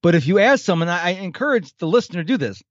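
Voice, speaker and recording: A man's voice: high voice, lively intonation, rapid-fire, dry recording, dull audio. A man in his fifties, a podcast guest, talking animatedly in a casual interview and acting out the people he quotes. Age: 50s.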